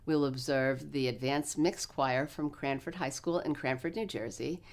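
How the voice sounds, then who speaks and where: Low-voiced woman explaining choral teaching. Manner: clear, measured teacherly explanation; energetic rehearsal coaching with choir. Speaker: choral clinician. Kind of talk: recorded choral workshop lesson.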